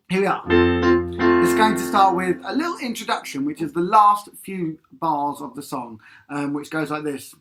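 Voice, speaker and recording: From his home in Havering, a man with a somewhat high, slightly bright voice leads a live-streamed sing-along lesson over guitar music. Chatty and encouraging, he breaks into song now and then.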